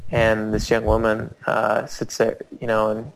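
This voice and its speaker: A man's voice: completely flat delivery, measured pace, creaky, low-quality recording. A man telling a rambling, restart-filled anecdote, his voice leaping up whenever he quotes someone. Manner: rambling with many restarts, jumps high when quoting people. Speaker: storyteller. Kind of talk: casual anecdote told to a small audience.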